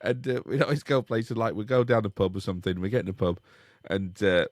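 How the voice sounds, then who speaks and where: A man's voice: fairly low pitch, flat delivery, a little fast, no room sound, clean studio sound. A middle-aged man, telling wry anecdotes in a casual podcast chat and chuckling as he goes. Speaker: podcast co-host.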